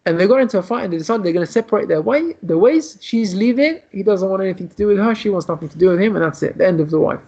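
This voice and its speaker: A man's voice: sits high, lively intonation, rapid-fire, hardly any pauses, darkish tone. Rabbi guy telling a long story on a video call, loose run-on style, dull lo-fi sound. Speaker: rabbi teaching. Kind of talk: storytelling lesson.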